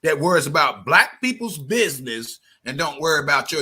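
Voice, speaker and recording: A man's voice: fairly high pitch, very animated, a little fast, hardly any pauses, bright, forceful tone, slightly rough. Confrontational, profane male live stream host. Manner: confrontational, profane, repeats phrases. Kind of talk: heated live stream call-in.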